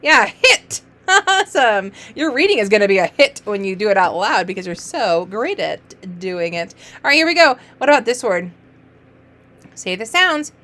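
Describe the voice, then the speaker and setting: A woman teaching early reading to young children, drawing out letter sounds and cheering each word with playful, sing-song praise. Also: mid-range voice. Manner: encouraging, sing-song, playful praise with gasps and exaggerated excitement; slow, drawn-out letter sounds.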